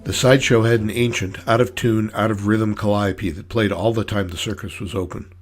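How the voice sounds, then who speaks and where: Low, husky man narrating a hard-boiled story. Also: fairly even intonation, fairly quick, soft background music. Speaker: author reading his own story.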